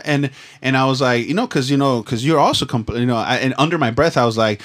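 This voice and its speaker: A man's voice: medium pitch, quick pace, few pauses, fairly bright tone. A young man from Southern California, telling a rambling, profane story in casual chat full of slang and restarts. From Los Angeles, USA.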